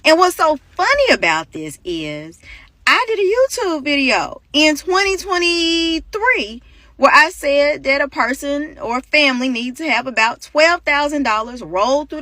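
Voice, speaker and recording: Bright, emphatic woman giving her opinion. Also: high voice, lively intonation, unhurried, no room sound. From North Carolina, US. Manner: emphatic, persuasive, asks viewers directly. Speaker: content creator talking about income. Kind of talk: opinionated commentary to camera.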